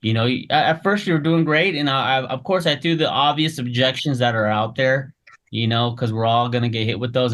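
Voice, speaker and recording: A man's voice: mid-range voice, a bit bright. A man giving a colleague encouraging, loosely worded feedback over a video call. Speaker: fellow agent giving feedback. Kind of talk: casual peer feedback.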